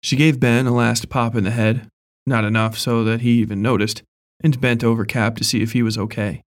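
A man reading a horror story aloud in a measured, even storytelling voice. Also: medium pitch. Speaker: narrator. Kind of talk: scripted horror story narration.

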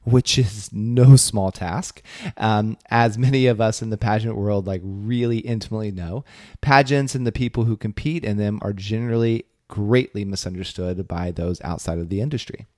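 A man with a lowish voice co-hosts a podcast, telling stories in a relaxed, chatty way. He drifts into easy fillers and asides as he goes. The sound is dry and close. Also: moderate pace, no echo. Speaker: podcast co-host. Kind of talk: casual podcast chat.

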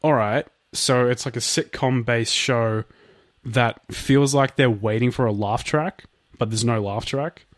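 A man's voice: medium pitch, a little slow, no echo, clean studio sound. Laid-back Australian man podcaster. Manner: laid-back, wry, swears casually. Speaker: podcast co-host. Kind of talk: casual chat.

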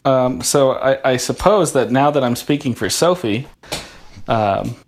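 Deadpan, hesitant podcast brother, a man. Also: mid-range voice, a little slow, a little hiss or hum. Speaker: podcast co-host. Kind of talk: casual banter among brothers.

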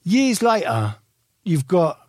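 A man's voice: high-pitched, very animated, slow pace, darkish tone, no echo, clean studio sound. A man co-hosting a podcast, chatting casually in blunt, sweary banter. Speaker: podcast co-host. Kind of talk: casual chat.

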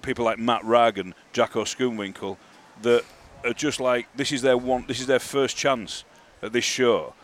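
On a casual podcast, a male co-host with a steady, mid-range voice talks at normal speed with few pauses. He rambles through his points and keeps checking whether listeners understand and agree.

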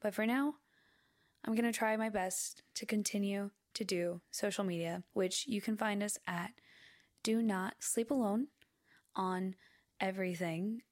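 A woman's voice: medium pitch, steady tone, unhurried, no room sound, studio quality. A woman co-hosting a podcast in casual chat, chatty and self-deprecating. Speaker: podcast co-host.

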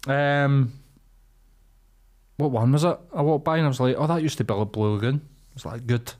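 A man's voice: medium pitch, moderate pace, a little mellow. Teasing Scottish podcast man. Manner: teasing, chips in with short jokes. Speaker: podcast co-host. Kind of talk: casual chat.

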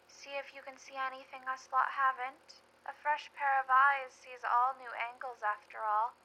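An actress playing a young female housemate, speaking in a soft, sugary and faintly unsettling way. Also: high voice, level tone, normal speed, poor audio. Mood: sweet. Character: sweet, oddly cheerful young female housemate.

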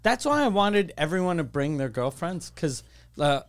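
A man's voice: on the high side, very animated, moderate pace. A man in a casual podcast chat, teasing and sarcastic.

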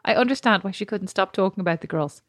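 A woman's voice: mid-range voice, fast, no room sound, studio quality. A woman co-hosting a podcast, chatting playfully and teasing her co-host. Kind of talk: casual chat.

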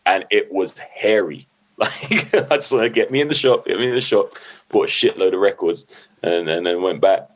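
Deep-voiced man, chatty. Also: normal speed. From London. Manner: animated, swears freely, leans on "like" and "you know what I mean". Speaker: guest. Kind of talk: casual storytelling.

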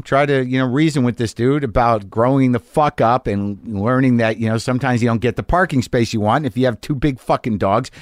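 A man's voice: medium pitch, no room sound, clean studio sound. A man hosting a podcast, telling a story in a casual, profane, worked-up monologue. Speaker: podcast host.

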